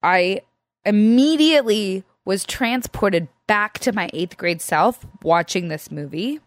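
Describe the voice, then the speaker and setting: A woman's voice: mid-range voice, lively intonation, takes it slowly, dry recording, studio quality. A woman co-hosting a casual film review chat, emotional and gushing, tearful and laughing often.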